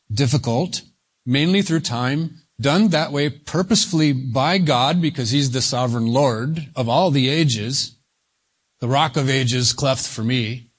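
A man preaching an expository sermon, speaking deliberately and stretching key words for emphasis. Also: medium pitch, lively intonation, husky. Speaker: pastor.

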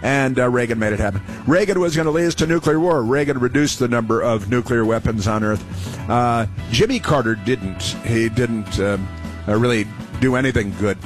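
A man's voice: mid-range voice, moderate pace, soft background music. A middle-aged man hosting a call-in radio talk show, rambling and chatty with many restarts and fillers.

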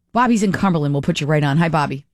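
A woman's voice: low-pitched, no echo, studio quality. A woman hosting talk radio, reading out listener texts and answering them bluntly and with strong opinions. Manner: blunt, opinionated, talks back to texters. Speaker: radio talk show host.

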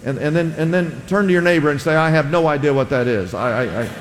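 A pastor preaching to his congregation, a man with a fairly high voice. He teaches in an engaging, call-and-response way, pausing to restart his sentences. His words ring out with the long reverb of a church hall. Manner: many fillers and restarts, emphatic rises. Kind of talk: sermon. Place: church sanctuary.

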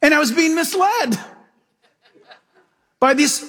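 A middle-aged man preaching a sermon as pastor, telling stories with big swings from loud to hushed. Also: very high-pitched, lively intonation, slow pace, in a large hall.

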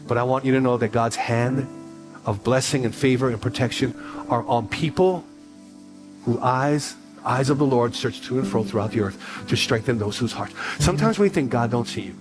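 A man's voice: medium pitch, normal speed, music in the background. A middle-aged man preaching a sermon as pastor, telling stories animatedly and repeating phrases for emphasis.

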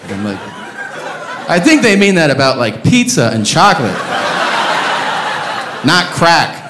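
A man telling a profane stand-up story, with loud outbursts when he acts out the people in it. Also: on the high side, huge pitch swings, a little slow. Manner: profane storytelling, acting out shouted characters. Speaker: stand-up comedian. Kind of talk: stand-up comedy set. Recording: live club, long reverb and room noise. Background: audience laughter.

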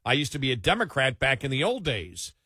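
A man's voice: mid-range voice, wildly swooping pitch, sharp tone, slightly rough, no room sound, clean studio sound. Chuckling older male radio co-host. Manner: chuckling, halting with many fillers. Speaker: radio talk show co-host. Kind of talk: casual radio chat. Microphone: studio mic.

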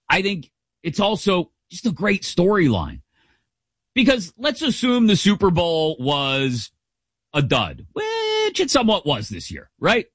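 A middle-aged man hosting a sports talk show, giving casual, opinionated commentary in an animated, jokey way. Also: fairly high pitch, no room sound. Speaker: sports podcast host.

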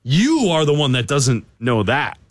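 A man's voice: medium pitch, very animated, unhurried, dry recording. A man co-hosting a sports radio show, teasing his partner and laughing a lot in bantering talk. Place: Chicago studio.

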